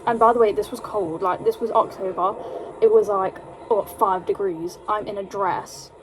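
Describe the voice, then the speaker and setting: A woman's voice: mid-range voice, normal speed, noisy background. Rambling young English woman telling a story. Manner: rambling, animated, peppered with "like". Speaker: vlogger. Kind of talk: casual storytime chat.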